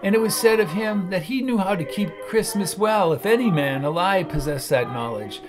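A man narrating a classic novel as an audiobook in an expressive, theatrical storytelling manner. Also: high-pitched, normal speed, over music.

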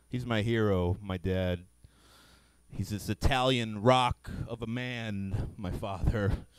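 A man doing a stand-up comedy set on stage before a live audience, manic and swinging from low mumbling to yelling. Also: slow pace, smooth, dry recording.

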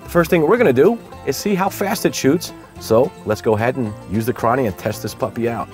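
A man's voice: mid-range voice, a little fast, a little mellow, faint music behind. A man hosting a product review, talking casually and upbeat as he explains each step of a demonstration outdoors.

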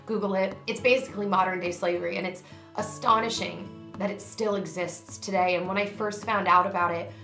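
A woman's voice: mid-range voice, fairly even intonation, brisk, sharp tone. A young woman vlogger talking earnestly and emotionally to her viewers. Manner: earnest, emotional, choked up near the end. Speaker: YouTube vlogger. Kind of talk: heartfelt direct-to-camera talk. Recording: echoey room with faint music.

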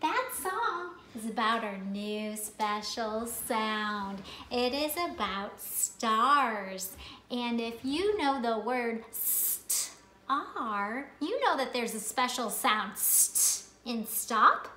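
A woman's voice: on the high side, expressive, extremely slow, pushed and bright. A woman teaching a phonics lesson to young children, sing-song and emphatic, drawing out each sound as she drills it. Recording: echoey room.

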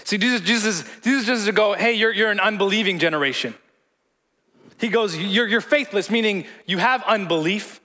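A man's voice: high-pitched, pushed and bright. A man preaching a sermon as pastor in a church hall, conversational, repeating words and joking with the congregation.

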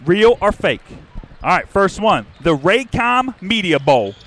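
A man's voice: high-pitched, big pitch swings, a bit bright. A man co-hosting a fan sports podcast, running the pregame show with upbeat, announcer-like banter. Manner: upbeat, announcer-like, reads numbers out slowly.

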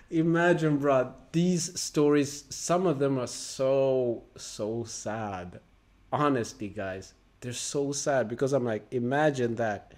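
A man's voice: mid-range voice, slow pace, a little mellow. A man hosting a reaction video, joking loosely and laughing as he comments.

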